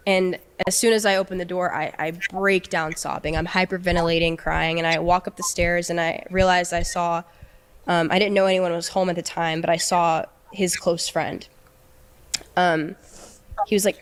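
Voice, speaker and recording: A young adult woman telling an emotional personal story, halting and often repeating words as she restarts. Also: fairly low pitch, fairly even intonation, slight background noise. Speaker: guest telling her story.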